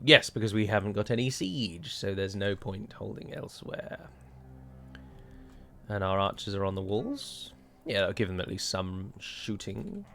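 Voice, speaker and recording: A man's voice: on the low side, a bit bright. A man giving chatty, wry commentary while playing a strategy game, wandering into rambling asides. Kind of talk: gameplay commentary.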